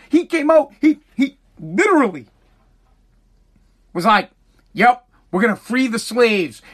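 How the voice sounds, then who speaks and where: A man's voice: very high voice, a bit bright. Profane, exasperated ranting man. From Massachusetts. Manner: profane, exasperated, stumbling restarts. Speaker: commentator. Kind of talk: casual ranting monologue.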